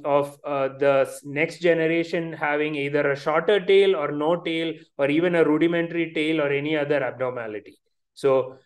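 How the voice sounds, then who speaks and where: A man with an Indian English accent giving an online science lecture over a video call, hesitant, with many fillers and restarts. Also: a little high.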